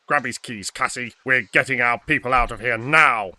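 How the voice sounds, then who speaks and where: A man's voice: medium pitch, normal speed, pushed and bright, dry recording. A man voicing a defiant older father held prisoner, blunt and sardonic, in an audio drama. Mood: urgent.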